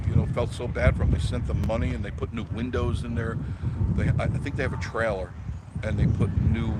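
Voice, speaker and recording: A man hosting a casual live stream, telling rambling stories, chuckling and answering viewer comments. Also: medium pitch. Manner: rambling storyteller, chuckles often. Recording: audible background noise.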